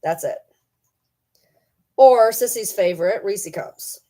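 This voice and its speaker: A woman's voice: medium pitch, slow pace, mellow. A woman from Michigan chats loosely with viewers, rambling from one topic to the next. Her talk is casual and teasing, and she fondly scolds her pet in between. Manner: chatty, teasing, talks baby talk to her pets. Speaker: streamer chatting with viewers. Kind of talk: casual chat.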